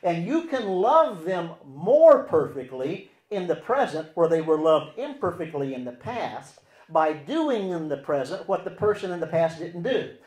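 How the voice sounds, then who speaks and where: A man preaching in a fairly high voice that swings widely in pitch, pressing hard on key points and then dropping to near-murmurs. He keeps putting rhetorical questions to his listeners. The sound carries a roomy echo. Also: big pitch swings, unhurried, hardly any pauses. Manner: swings between loud emphatic stretches and quiet near-murmured asides. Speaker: Christian relationship teacher. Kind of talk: sermon-style teaching. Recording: echoey room.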